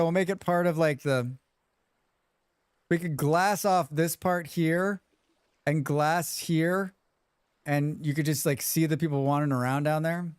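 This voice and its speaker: A man's voice: a little high, clean tone, no room sound, clean studio sound. A man streaming a survival game live, chatting casually, reading viewer comments aloud and humming to himself as he plays. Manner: chatty, reads chat aloud and hums to himself.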